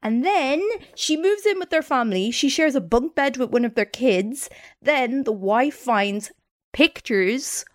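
A woman's voice: high-pitched, expressive, unhurried. A woman co-hosting a chatty podcast, animatedly retelling a story and slipping into quoted voices. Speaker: podcast co-host. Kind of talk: casual storytelling chat.

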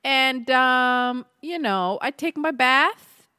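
A woman's voice: high voice, lively intonation, slow pace, sharp tone, smooth, no room sound, studio quality, heavily acted. A woman voicing a rambling older white hippie mother who grumbles about her daughter, in a comedy podcast bit. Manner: rambling, disapproving, meandering.

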